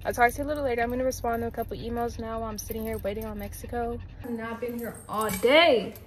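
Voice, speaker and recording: A young woman with a slightly high voice chats to her camera in a slangy, animated way. She talks from inside a parked car. A dog pants steadily behind her, and the recording has clear background noise. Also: quick pace, low-quality recording. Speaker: vlogger. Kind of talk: casual vlog chat. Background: dog panting.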